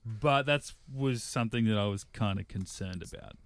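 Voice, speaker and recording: A man's voice: lowish voice, normal speed, no echo. A man with an Australian accent co-hosting a podcast, talking in a rambling, chatty way. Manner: chatty, rambling, reads listener mail aloud. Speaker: podcast co-host. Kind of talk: casual chat.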